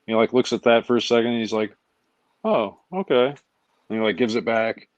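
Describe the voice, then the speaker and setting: A man hosting a casual talk show, telling stories in an animated, profane way and acting out quotes. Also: lowish voice, quick pace, no room sound. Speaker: show host. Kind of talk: casual chat. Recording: dull lo-fi sound, dry.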